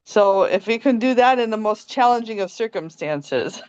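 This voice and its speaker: A young woman calmly sharing a personal story on a video call, soft-spoken and quick to laugh. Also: medium pitch, smooth, no room sound. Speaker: meditation group participant. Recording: dry, dull lo-fi call audio.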